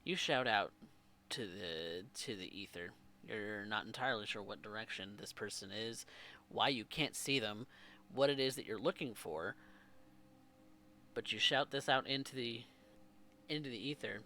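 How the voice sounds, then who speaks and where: A man's voice: fairly low pitch, moderate pace, long pauses. A man narrating a tabletop role-playing game as game master, restarting phrases as he goes. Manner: animated narration with frequent restarts.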